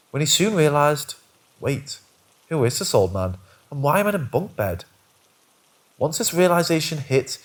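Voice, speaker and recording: A man reads first-person paranormal stories as scripted narration. His pitch sits in the middle and rises and falls a lot. The reading stays steady throughout.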